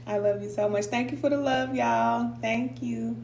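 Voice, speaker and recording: A middle-aged woman hosts a live stream and talks informally to her viewers. She laughs often and reads their comments aloud. Her voice sits a little high, and the room is echoey with a faint hum behind her. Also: steady tone, normal speed, gravelly, darkish tone.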